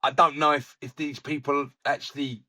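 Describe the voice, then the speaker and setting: A man's voice: mid-range voice, level tone, moderate pace, bright, forceful tone. A man on a casual football podcast, rambling through stories and acting out the people he quotes. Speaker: podcast co-host.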